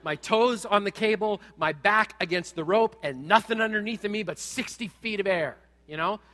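High bright-sounding guy preaching, animated and jokey storytelling. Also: moderate pace, big-room sound. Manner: animated storytelling, humorous asides. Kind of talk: sermon with personal story.

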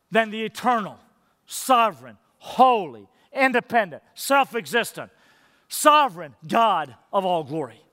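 A male pastor delivering a sermon with a high, light voice. He leans hard on key words, then sinks into a soft, close delivery. A long reverb tail hangs on his voice from the church sanctuary. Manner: emphatic, building to stressed phrases then dropping to hushed, intimate tones.

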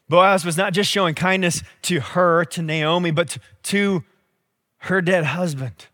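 Pastor, young adult man, high voice, chatty storytelling sermon, hall echo. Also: unhurried. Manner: conversational storytelling, animated asides. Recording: long hall reverb.

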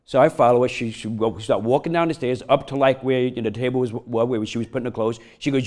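A middle-aged man preaching a sermon, telling a funny personal story, laughing often and getting loud as he acts it out. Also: mid-range voice, lively intonation, fairly quick, few pauses. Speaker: pastor.

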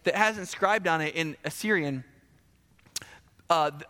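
A man preaches in a casual, conversational way, acting out the people he quotes. His voice is on the higher side, with a bright edge. It rings out in a large hall with a long reverb tail. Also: measured pace. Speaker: pastor. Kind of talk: sermon.

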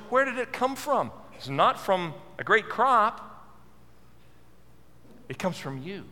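A man's voice: on the high side, lively intonation, a little slow, bright, forceful tone, in a large hall. A male pastor preaching a sermon, earnest and full of questions, repeating words for stress. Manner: earnest, asks many questions.

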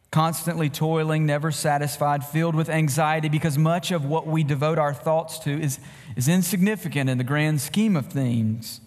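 Slow-preaching pastor in a reverberant hall. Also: male voice, fairly high pitch, darkish tone. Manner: slow, deliberate preaching with emphatic pauses. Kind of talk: sermon. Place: church sanctuary.

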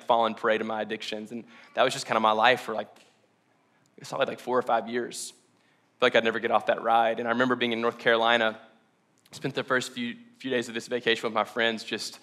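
Bright-voiced young pastor choking up. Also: male voice, medium pitch. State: choked up, near tears. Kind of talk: sermon. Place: church hall with congregation.

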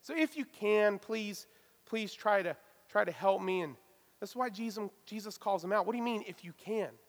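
A man with a notably high voice preaches a sermon, pressing hard on key words and then dropping into quiet asides. His voice rings out in a large space with a long, trailing reverb. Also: moderate pace. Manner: emphatic preaching, swinging from loud stresses to hushed asides. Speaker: pastor.

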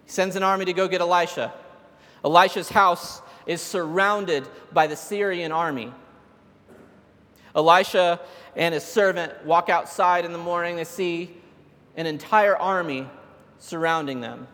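A man with a fairly high voice preaches a sermon, retelling old stories in a loose, conversational way. He builds to emphatic, insistent peaks. His voice rings out with a long reverb, as in a large church hall. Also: unhurried, bright, forceful tone.

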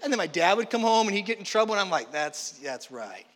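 A man preaching a sermon, telling stories in a lively way and acting out the voices of the people in them. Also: high-pitched, very fast, in a large hall, slight background noise. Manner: animated storytelling, acts out quotes. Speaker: pastor.

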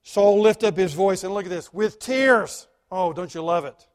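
Male pastor, higher voice, dramatic sermon delivery with sharp emphasis. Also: a little fast. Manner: emphatic, dramatic, swings between loud stress and quiet asides.

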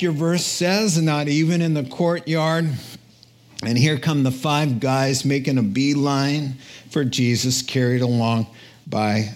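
A man, preaching a lively storytelling sermon, laughing often and dropping to a whisper for quiet lines. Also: fairly high pitch. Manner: animated storytelling, acts out quoted voices, drops to a whisper at times, laughs often. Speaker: pastor.

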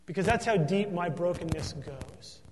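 A man's voice: sits high, lively intonation, moderate pace, long reverb tail, a little hiss or hum. A man preaching a sermon as pastor, earnest and emphatic, often tossing in a questioning "right?" to the congregation.

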